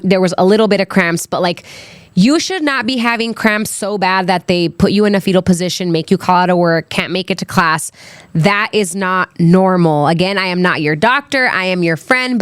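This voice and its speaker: Candid and chatty, a young adult woman tells a personal story on her solo podcast, often saying "like" and "um." She speaks at medium pitch with a clean tone. The recording is dry and studio quality.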